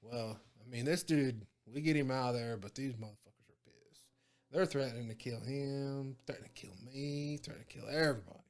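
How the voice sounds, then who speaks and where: A man's voice: medium pitch, a little fast. Profane man telling stories. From Oklahoma. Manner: profane, animated storytelling with quoted dialogue. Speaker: guest, former prison guard. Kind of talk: casual storytelling interview.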